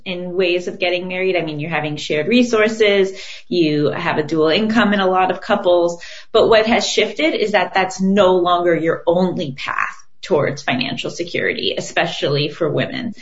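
A woman's voice: on the low side, normal speed, lo-fi sound. A woman guest in an interview, a podcaster and relationship coach talking earnestly and expressively. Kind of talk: conversational interview.

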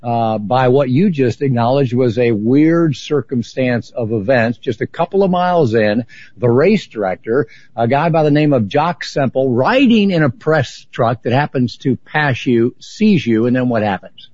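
A man hosts an interview, building up the background before each question. His voice sits at a middle pitch. The recording is dry and slightly muffled. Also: animated, moderate pace, darkish tone, dry recording. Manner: sets the scene at length before his question.

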